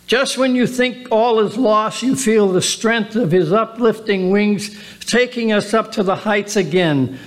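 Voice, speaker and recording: A man pastor giving an earnest sermon with rhetorical questions. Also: sits high. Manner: earnest, slow, drawn-out preaching with rhetorical questions.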